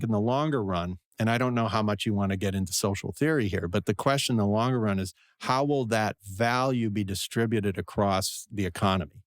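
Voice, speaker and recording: A man's voice: on the low side, no room sound, studio quality. A man, a venture investor and professor, answering interview questions in a digressive, self-deprecating way.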